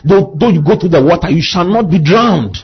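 A man preaches a sermon with a husky edge and a lively, rising and falling pitch. He throws questions out for the congregation to answer and climbs into emphatic passages. The recording sounds muffled and lo-fi. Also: brisk. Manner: call-and-response preaching, rising to impassioned emphasis. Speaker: pastor.

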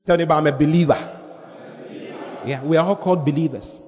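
A man's voice: fairly high pitch, fast, darkish tone. A man pastoring a church service, preaching a sermon and leading the congregation in call-and-response. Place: church hall. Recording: long hall reverb with faint music.

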